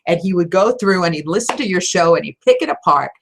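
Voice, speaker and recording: A middle-aged woman answers viewer questions about voiceover work in a relaxed live chat. Her voice sits low, and she talks in an animated, chatty way, often poking fun at herself. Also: quick pace, noisy background. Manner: chatty, animated, self-deprecating. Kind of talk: casual live Q&A talk.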